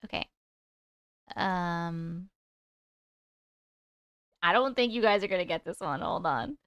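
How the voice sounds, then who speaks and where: A woman's voice: fairly low pitch, slow pace, a bit bright, clear, resonant tone, dry recording, dull audio. A woman hosting a live stream, chatting casually with viewers, laughing often and swearing freely.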